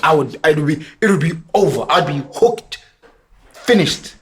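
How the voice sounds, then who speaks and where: A young South African man telling a story in casual chat, animated and laughing, switching into Zulu now and then. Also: a little high, normal speed, slight background noise. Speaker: podcast guest.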